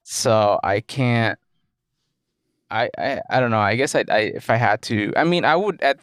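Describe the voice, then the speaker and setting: A man co-hosting a podcast in casual sports chat, easygoing and halting, with many fillers and restarts. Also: mid-range voice, a bit bright, smooth, no room sound, studio quality. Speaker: podcast co-host.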